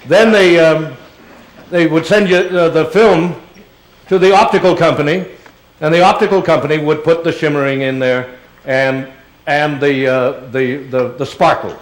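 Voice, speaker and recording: A man's voice: fairly high pitch, steady tone, moderate pace, poor audio. An older man speaking as a guest at a question-and-answer session, rambling and playful with theatrical touches. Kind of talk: Q&A talk to an audience. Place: auditorium.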